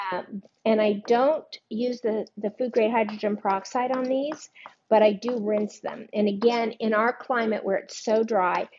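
A woman's voice: medium pitch, muffled recording, background noise. An older woman hosting a live-streamed cooking demo, chatting casually, joking at her own expense and greeting viewers by name. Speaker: cooking show host.

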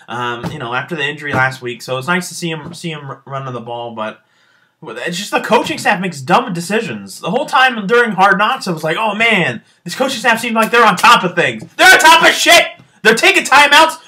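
A man's voice: sits high, slight background noise. A man hosting a podcast, delivering a profane, sarcastic sports rant. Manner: animated, swearing, sarcastic. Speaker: podcast host.

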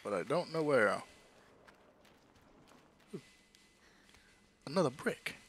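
A man giving casual let's-play commentary, animated and quick to exclaim. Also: mid-range voice, slightly rough. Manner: animated, exclaiming at game moments. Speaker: gamer.

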